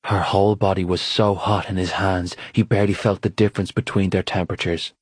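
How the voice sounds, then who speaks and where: A man narrating an audiobook in a steady, unhurried reading voice. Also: deep voice, slightly rough, no echo. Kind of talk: scripted narration.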